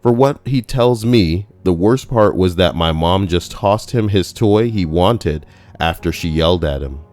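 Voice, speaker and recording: A man's voice: sits low, animated, measured pace, darkish tone. A man reading forum stories aloud with comedic commentary, crude and profane, full of jokey asides. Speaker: YouTube narrator reading forum posts.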